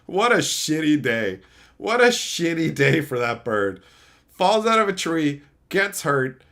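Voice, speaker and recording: A man streaming, answering his chat and telling stories in a loud, profane, laugh-filled way. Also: a little high, slow pace. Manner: animated, profane storytelling with frequent laughter. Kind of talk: casual livestream chat.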